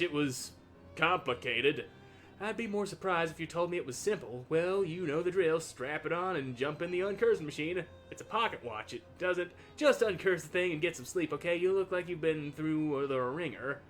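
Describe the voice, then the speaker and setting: A man's voice: a little high, sharp tone. A young man casually narrating a video game playthrough, playfully reading the game text aloud. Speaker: game streamer. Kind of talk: casual let's-play narration.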